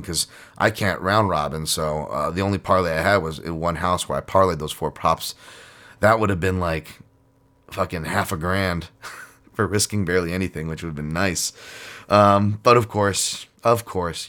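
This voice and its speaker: Man, podcast host, very low voice, casual rambling chat, swears a lot, jokey. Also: a bit bright. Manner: profane, rambling, jokey, many fillers.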